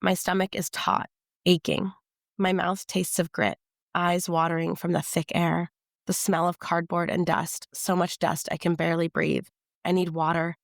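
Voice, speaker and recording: A woman reading her novel aloud in the first person, in a measured, tense storytelling manner. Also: fairly low pitch, flat delivery, gravelly, no room sound, studio quality.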